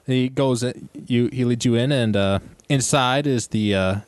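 A man narrating a tabletop role-playing game as game master, with frequent pauses and restarts. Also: mid-range voice, no room sound. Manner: halting, many ums and restarts.

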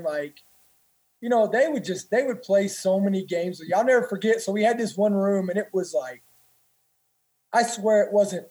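A man's voice: high voice, darkish tone, breathy edge, low-quality recording. Rambling, profane male veteran guest. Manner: rambling, profane, many restarts. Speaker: guest, former Marine. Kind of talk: casual storytelling.

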